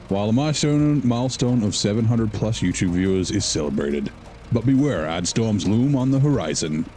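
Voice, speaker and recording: Guy doing a cheesy american movie trailer voice, gravelly, dramatic. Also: lowish voice, dark tone, close to an everyday voice. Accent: put-on American. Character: booming male movie-trailer announcer.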